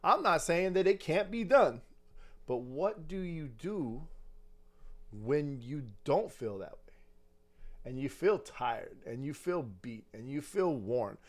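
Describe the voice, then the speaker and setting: A young man co-hosting a faith podcast, chatting casually and telling lively stories with frequent laughter. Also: on the high side, slow. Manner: animated storyteller, laughs often. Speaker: podcast co-host.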